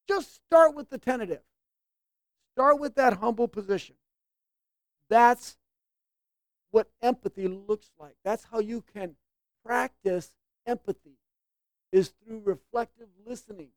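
A woman's voice: on the high side, a little slow, long pauses, no echo. A woman preacher teaching in a conversational sermon, often checking in with her listeners and acting out quoted lines. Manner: conversational, acts out quoted lines with shifting voices.

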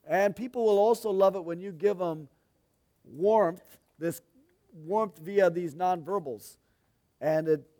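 A man's voice: high-pitched, warm tone. A man preaching a teaching sermon, folksy and chatty, with asides to the congregation. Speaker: pastor.

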